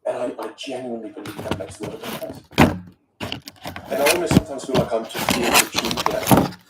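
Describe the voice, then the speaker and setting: A young man, a communication coach, telling stories in an animated way during a podcast interview. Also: medium pitch, fairly quick, roomy sound, recorded from a distance, heavy background noise. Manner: animated, dramatic storyteller who acts out voices.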